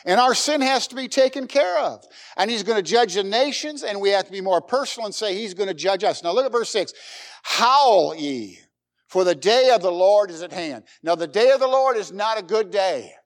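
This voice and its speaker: A man's voice: sits high, expressive, moderate pace. A middle-aged man preaching a sermon, emphatic, with rhetorical questions and folksy jokes. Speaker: pastor.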